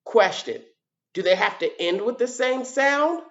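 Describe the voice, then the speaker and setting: A woman teaching a children's video lesson, sounding out letters and repeating words slowly at a whiteboard. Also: a little high, expressive, a bit bright, muffled recording.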